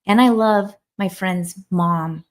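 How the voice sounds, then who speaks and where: A woman's voice: fairly low pitch, slow pace. A woman in her forties hosting a casual livestream from home, chatting in a heartfelt way and answering viewer comments. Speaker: livestream host. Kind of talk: casual live-stream chat.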